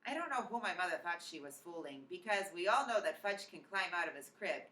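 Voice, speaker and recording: A woman teacher reads a children's chapter book aloud with expressive, clear storytelling. Her voice is bright and echoes around the room, picked up from some distance off the mic. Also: lowish voice, brisk.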